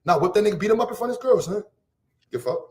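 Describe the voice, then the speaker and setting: A man's voice: high voice, expressive, very fast, noisy background. Brash, profane man from Harlem. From Harlem, New York. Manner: profane, boastful street slang, loud bursts. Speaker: livestream host. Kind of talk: casual livestream rant.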